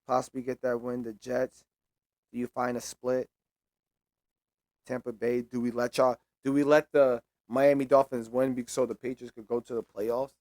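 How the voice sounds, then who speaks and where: A man's voice: medium pitch, level tone, normal speed, darkish tone, dry recording. A young man hosting a sports show, making casual predictions alone, with loose, repetitive trash talk and free swearing.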